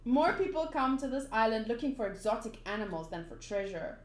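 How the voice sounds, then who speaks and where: A woman voicing a grumpy, lonely middle-aged man who guards a forest, with a gruff manner. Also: a little high, lively intonation, a little fast, lightly acted. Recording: roomy echo.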